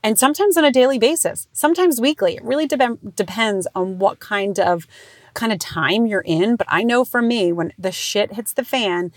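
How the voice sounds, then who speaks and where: A woman's voice: normal speed, no echo. A woman in her thirties hosting a podcast, telling parenting stories in a frank, profane way and laughing at herself as she goes. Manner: swings into high squealing voices when quoting herself. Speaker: podcast host. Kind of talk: casual comedic monologue.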